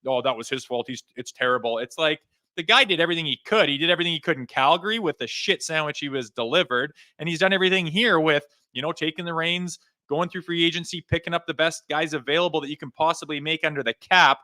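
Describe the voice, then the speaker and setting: A man's voice: a little high, quick pace, sharp tone, no echo. A man co-hosting a hockey podcast, ranting in a fired-up way and swearing freely. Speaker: podcast co-host. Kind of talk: heated hockey talk.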